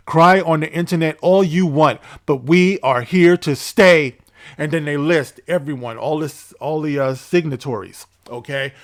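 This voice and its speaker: A man with a fairly high voice hosts a commentary vlog. He talks straight at his audience in a blunt, lecturing way, often calling them "guys". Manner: direct and lecturing, addresses viewers as "guys". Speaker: commentary channel host. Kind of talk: opinion commentary vlog, reading a statement aloud.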